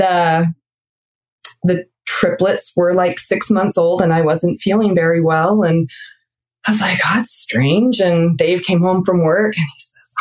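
Laughing storytelling woman, lowish voice. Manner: lively retelling with frequent laughter. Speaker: interview guest, mother of six. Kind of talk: storytelling in a conversational interview.

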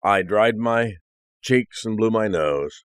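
A man's voice: fairly low pitch, slow, clean tone, dry recording, studio quality. A male preacher earnestly reading a first-person story aloud as part of a sermon.

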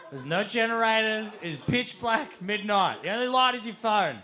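Aussie bloke doing a live stand-up yarn, loud and excited, swears a lot. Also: male voice, sits high, moderate pace. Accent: Australian. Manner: animated, loud, swearing, laughing while telling. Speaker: comedian and podcast host. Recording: live stage recording.

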